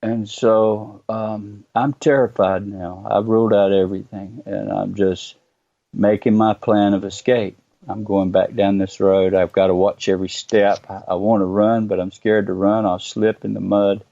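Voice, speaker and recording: A middle-aged man, telling his own story as a guest in earnest, halting bursts with many pauses. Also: on the low side, level tone, gravelly, dark tone, no echo, dull audio. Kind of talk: personal storytelling interview.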